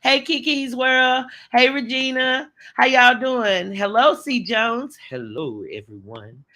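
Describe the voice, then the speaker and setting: Middle-aged woman, casual livestream host; bright tone, lively slangy delivery, home webcam mic. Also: high-pitched, slow. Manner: animated, greets viewers by name, slangy. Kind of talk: casual livestream commentary, greeting chat.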